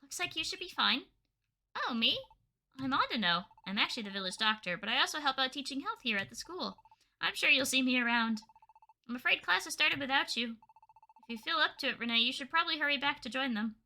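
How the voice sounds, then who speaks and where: A woman voicing a gentle village nurse Pokémon who speaks softly and soothingly. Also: high voice, expressive, a little fast, exaggerated voice. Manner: soft, soothing.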